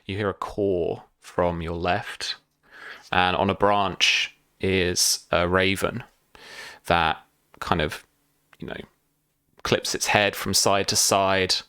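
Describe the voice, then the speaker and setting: A man narrating as game master for a tabletop game, pausing often with fillers. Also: low voice, bright, forceful tone, clean tone, no echo, clean studio sound. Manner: hesitant, many fillers.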